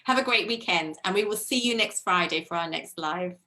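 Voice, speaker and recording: A woman's voice: fairly low pitch, a little fast, pushed and bright. A woman from England, co-hosting a mental health live stream and telling chatty, self-mocking stories. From southern England. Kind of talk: casual live-stream chat.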